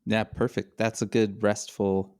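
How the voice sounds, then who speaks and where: A man's voice: on the low side, level tone, unhurried, darkish tone. A man co-hosting a podcast from a hotel room over a video call, talking in a dry, wry way with short reactions. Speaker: podcast co-host. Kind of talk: casual comedic chat. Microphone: handheld mic on a video call.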